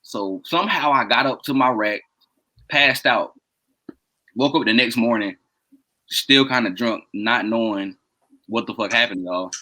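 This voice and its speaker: Unhurried and pausing often, this mid-range male voice comes through a rough recording. As a podcast co-host, he spins a long, casual story for his friends, laughing frequently and performing the quoted dialogue with animation.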